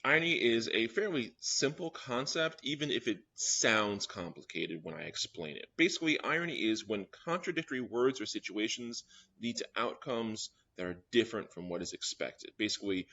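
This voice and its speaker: Teaching a workshop for young writers, this man explains things one step at a time and frequently checks in with "all right?" His voice is fairly low, creaky and bright, with a forceful tone. The lecture comes through on a dull, lo-fi recording.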